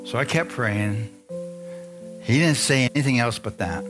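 A middle-aged man delivers a sermon, moving from a personal story to scripture. He keeps checking in with his listeners through short questions, and steady guitar music plays under his voice the whole way. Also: medium pitch, measured pace. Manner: storytelling preacher, asks the congregation questions. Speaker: pastor.

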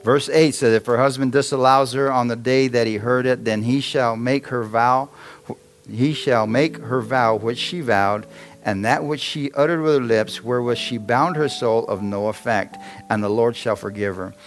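A middle-aged man preaching in a church, with an easy conversational manner that keeps checking in with the congregation. His pitch sits in an ordinary middle range, and soft instrumental music plays faintly behind him. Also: steady tone, moderate pace. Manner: conversational preaching, asks the congregation frequent questions. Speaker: pastor. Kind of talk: sermon.

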